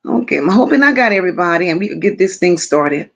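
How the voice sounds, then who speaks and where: A livestream host with a fairly low, gravelly voice talks quickly and animatedly, and the audio is dull. She greets viewers and reads their comments out in a blunt, affectionate manner, calling them "my love" and "boo."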